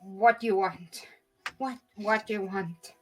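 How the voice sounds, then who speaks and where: A woman's voice: mid-range voice, fairly even intonation, measured pace, breathy edge, faint music behind, pitched below the performer's own voice. A woman voicing a tired, nervous elderly male town official who repeats himself when flustered, in a tabletop game. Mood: irritated.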